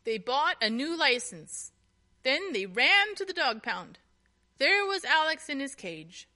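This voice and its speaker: Lady reading a kids' story, slow and bouncy, bright voice. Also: sits high, very animated. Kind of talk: children's storybook narration.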